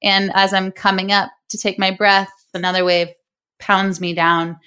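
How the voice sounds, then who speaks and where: A woman's voice: mid-range voice, level tone, normal speed, sharp tone, clear, resonant tone. A young adult woman, a breathwork coach, telling a personal story earnestly in an interview.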